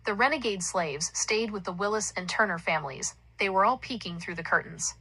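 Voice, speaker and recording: A woman narrating a story aloud in a plain, even storytelling manner. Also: medium pitch, brisk, breathy edge, rough recording.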